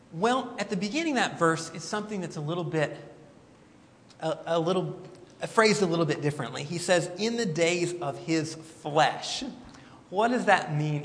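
A man's voice: a little high, fairly bright tone. A man teaching a Bible study class, reading scripture aloud and asking the group questions. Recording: reverberant hall with faint background noise.

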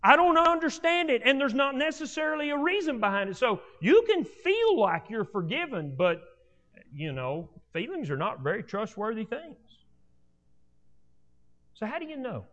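A man preaching a sermon in an animated way, often repeating and restarting phrases for emphasis, as a preacher before a congregation. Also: very high-pitched, moderate pace. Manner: animated, repetitive restarts, rising emphatic delivery. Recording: long hall reverb.

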